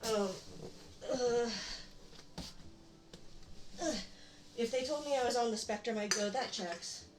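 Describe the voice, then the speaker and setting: A woman's voice: fairly high pitch, slow pace, long pauses, noisy background. A young woman hosting a casual live stream from her home desk, rambling and muttering self-mocking remarks to herself as she sets up. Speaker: livestream host. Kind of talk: casual live-stream chat while setting up.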